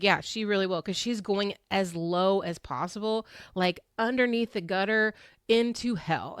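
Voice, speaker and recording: Recapping a reality show on her podcast, this young host laughs a lot and performs the quoted lines with lively energy. Her mid-range voice comes through in a dry, clean studio recording.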